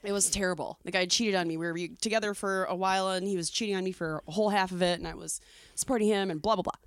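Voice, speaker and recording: A woman's voice: medium pitch, fairly even intonation, very fast, no room sound, clean studio sound. A woman podcast host telling stories in casual chat, blunt and profane, laughing often.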